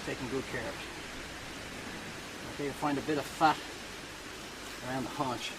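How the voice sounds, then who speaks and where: A man's voice: mid-range voice, fairly even intonation, unhurried, heavy background noise. A man hosting a cooking show, talking viewers through a hands-on demonstration in a chatty, reassuring way that wanders off topic.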